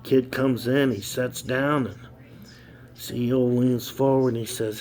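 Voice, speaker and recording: A man's voice: mid-range voice, steady tone, normal speed, darkish tone. A man telling a long joke in a folksy, easygoing way, with the odd um and uh. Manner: folksy, easygoing, with ums and uhs. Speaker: joke teller. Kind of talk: casual storytelling joke.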